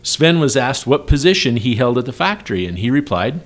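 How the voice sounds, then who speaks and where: A man's voice: medium pitch, big pitch swings, a little fast, hardly any pauses. A man co-hosting a casual workplace podcast, telling a long joke story and laughing often. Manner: laughs a lot while telling jokes. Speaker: podcast co-host.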